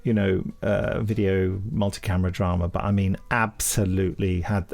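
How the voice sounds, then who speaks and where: A man's voice: deep voice, flat delivery, moderate pace, vocal fry, a little mellow. A man co-hosting a casual podcast chat, enthusiastic and theatrical. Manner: enthusiastic, theatrical, sings and does voices. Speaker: podcast co-host.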